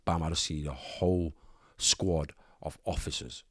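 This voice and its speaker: A man from Nottingham, a podcast guest telling animated stories in heavy street slang and acting out what others said. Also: a bass voice, a little slow. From Nottingham, England. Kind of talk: casual storytelling in an interview.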